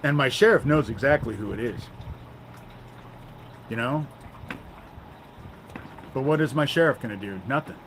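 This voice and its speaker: A man's voice: mid-range voice, moderate pace, long pauses, fairly bright tone, slight background noise. Angry, profane man ranting on a livestream. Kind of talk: ranting live stream monologue.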